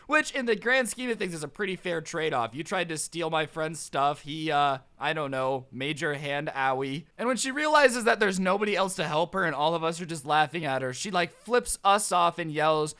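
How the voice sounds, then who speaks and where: A young man tells a story to his channel in a casual, sarcastic way. His voice is high and bright, and he keeps the story animated. The delivery is loose and conversational. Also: moderate pace, few pauses. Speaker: storytime vlogger.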